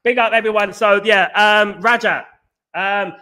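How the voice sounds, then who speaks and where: Middle-aged man, high voice, bright tone, chatty live-stream host, emphatic shout-outs. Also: steady tone, a little slow. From England. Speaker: channel host reading live chat. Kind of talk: casual live-stream chat.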